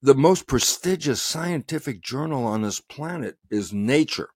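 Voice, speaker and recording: A man's voice: mid-range voice, animated, unhurried, a little mellow, dry recording, studio quality. A man from the United States, a guest scientist in an interview, who talks in a passionate, emphatic way and often quotes himself.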